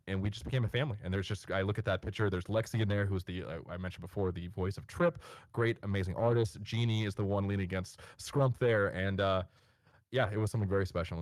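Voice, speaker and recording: A man guest on a podcast, telling rambling stories with many fillers and bursting into animated impressions. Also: low voice, no room sound. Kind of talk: casual storytelling chat.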